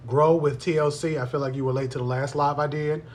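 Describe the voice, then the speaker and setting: A man's voice: on the high side, steady tone, a little fast. A man in his thirties hosting a live stream, chatting casually with viewers in a playful, teasing way. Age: 30s.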